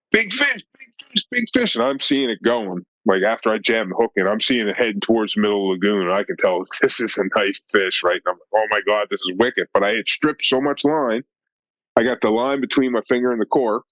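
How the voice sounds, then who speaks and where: A man who works as a fishing guide, telling a story in a casual podcast chat. He is animated and acts out the dialogue, with a lot of "like" and "right?". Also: on the low side, no room sound. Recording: dull lo-fi dry sound.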